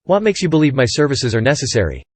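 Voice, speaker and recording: A calm priest who speaks slowly and solemnly, as if intoning a rite, voiced by a man reading a horror story aloud. The recording is dry and close. The pitch sits in the middle of a man's range. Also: no echo. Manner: intoning, measured.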